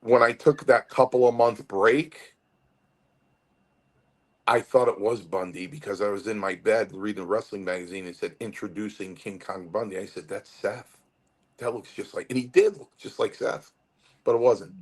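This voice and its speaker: A man's voice: on the low side, moderate pace. A man in his late fifties, a retired wrestler, telling long stories as an interview guest, full of restarts and acted-out quotes. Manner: animated storyteller with many restarts and acted-out quotes. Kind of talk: storytelling interview.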